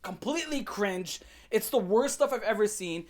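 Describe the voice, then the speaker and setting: A woman's voice: mid-range voice, animated, normal speed, a little hiss or hum. A woman ranting in commentary, heated and mocking, rambling with many restarts. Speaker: commentary ranter. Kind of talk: rant commentary.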